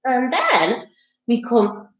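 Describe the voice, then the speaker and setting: A woman's voice: a little high, wildly swooping pitch, drawn-out words, roomy sound, muffled recording. A woman leading a children's yoga class in a playful, coaxing, sing-song way. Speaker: kids' yoga teacher.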